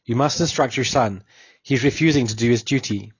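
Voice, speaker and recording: Guy doing a cold curt officer, husky voice, kinda muffled. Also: medium pitch, a little fast, no echo. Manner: curt and commanding. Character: stern, cold male army officer judge.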